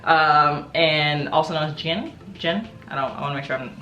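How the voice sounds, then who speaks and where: Low-pitched American woman, relaxed and rambling, recorded in a roomy space. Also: moderate pace, muffled recording. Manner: chatty, laughing, many fillers and restarts. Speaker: martial arts vlogger. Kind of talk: casual show-and-tell vlog.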